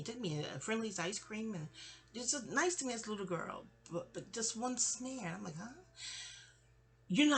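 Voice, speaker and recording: A woman's voice: mid-range voice, fairly bright tone, husky. A woman in her forties telling family stories in a rambling, candid way, trailing off and restarting. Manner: rambling, trails off and restarts, mimics people in quotes. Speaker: storyteller.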